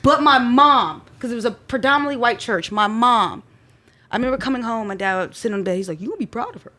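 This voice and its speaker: Lively storytelling woman, high-pitched. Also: fast. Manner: lively storyteller, often acts out quotes. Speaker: panel guest. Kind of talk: personal storytelling on a panel.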